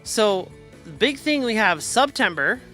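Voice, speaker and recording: A woman's voice: mid-range voice, big pitch swings, a little slow, bright, forceful tone, faint music behind. A woman streamer in casual chat, rambling and joking, often laughing at herself.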